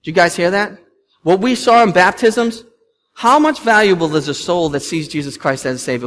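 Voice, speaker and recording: A man in his thirties preaches in a high, bright-pitched voice, swinging up and down for emphasis and tossing questions out to the congregation. His words ring through a large church with a long reverb tail. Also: normal speed. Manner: animated preaching, rising and falling with emphasis, asking the congregation questions. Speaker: pastor. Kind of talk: sermon. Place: church sanctuary.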